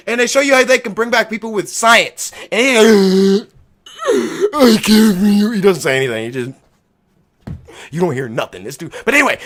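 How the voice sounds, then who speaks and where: A man hosting his own video, talking in an excited, profane rant and often shouting and laughing. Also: extremely high pitch. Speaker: video host.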